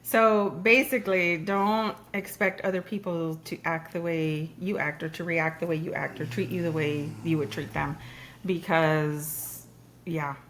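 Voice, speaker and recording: A woman's voice: deep voice, a little slow, a little hiss or hum. A woman hosting a podcast, talking frankly in casual chat and laughing often as she tells stories. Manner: frank, laughing, animated storytelling. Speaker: podcast host.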